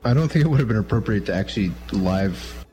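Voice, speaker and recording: A man's voice: fairly low pitch, expressive, fast talker, darkish tone. Joking man with music behind. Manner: joking, self-deprecating storyteller. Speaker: podcast co-host. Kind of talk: casual group podcast chat.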